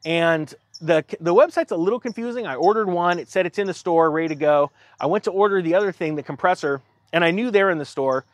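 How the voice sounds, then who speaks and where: A man's voice: sits high, fast talker, few pauses. A man telling a rambling, exasperated story as a video commentator, restarting his sentences and acting out both sides of a conversation. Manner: exasperated, self-interrupting restarts. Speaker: YouTube commentator. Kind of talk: casual anecdotal rant.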